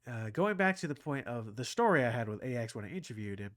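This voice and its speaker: A man talking casually to his audience, rambling with lots of restarts and getting excited as a fan. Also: mid-range voice, quick pace, dry recording, clean studio sound. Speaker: anime reaction channel host.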